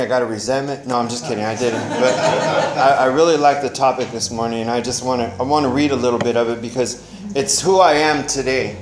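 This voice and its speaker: A man's voice: mid-range voice, roomy sound, a little hiss or hum, rough recording. A man giving a personal recovery testimony at a meeting, talking in a casual, slangy way that is full of "man" and "you know". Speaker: member sharing at a recovery meeting.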